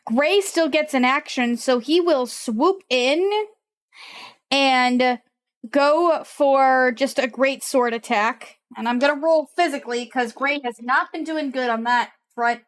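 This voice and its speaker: A woman's voice: high-pitched, slow pace. A young woman running a tabletop game, thinking aloud while she checks the rules. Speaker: game master.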